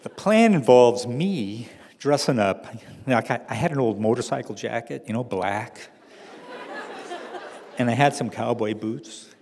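A man's voice: medium pitch, lively intonation, measured pace, darkish tone, long reverb tail, some chatter behind. A man telling a personal story to an audience with wry, dry humor.

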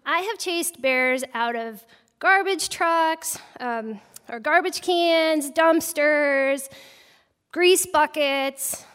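A woman with a high, bright-pitched voice recounts her own misadventures with lively, self-deprecating humor. She speaks as a storyteller before a live audience. Her voice carries a long, lingering reverb from the hall. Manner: humorous, self-mocking, animated. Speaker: storyteller, wildlife biologist.

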